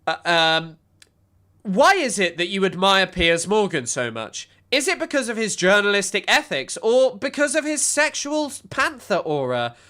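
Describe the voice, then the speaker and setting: A man's voice: high-pitched, big pitch swings, unhurried, pushed and bright, clean tone. A man giving casual, sarcastic reaction commentary on a news clip, with profane, rambling asides.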